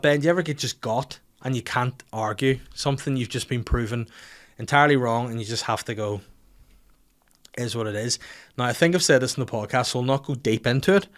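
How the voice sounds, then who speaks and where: A man's voice: medium pitch, a bit bright. Rambling man hosting a podcast. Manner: rambling, crude, self-mocking storytelling with frequent restarts. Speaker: podcast host. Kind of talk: casual comedic monologue.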